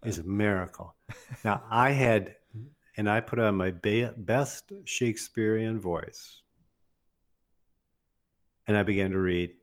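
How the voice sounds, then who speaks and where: An older man telling a funny personal story in an animated, casual way, often laughing and acting out what others said. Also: on the low side, slow pace, long pauses. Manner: laughs often while telling, acts out quoted voices.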